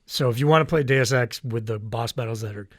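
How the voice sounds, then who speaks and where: A man's voice: medium pitch, a little fast, no echo, clean studio sound. A man, a voice actor, chatting as an interview guest, enthusiastic and often restarting his sentences. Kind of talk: casual interview chat.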